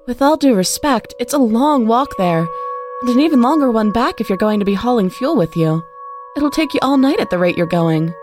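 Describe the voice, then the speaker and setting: A woman's voice: fairly high pitch, expressive, normal speed, over music, lightly acted. An actress playing a kind young woman who stops to help a stranger, speaking in an earnest, caring way. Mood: concerned. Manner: earnest, helpful.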